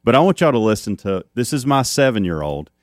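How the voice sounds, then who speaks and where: A man's voice: medium pitch, sing-song, fairly quick, no echo. Chatty radio host man, dry studio sound. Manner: chatty, self-deprecating. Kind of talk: casual radio talk show chat.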